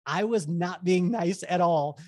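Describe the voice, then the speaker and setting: Animated forty-something man telling stories. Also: high-pitched, unhurried, dry recording, studio quality. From Southern California. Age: 40s. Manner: animated, laughs through stories, mimics voices in quotes. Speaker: podcast guest. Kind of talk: casual storytelling chat.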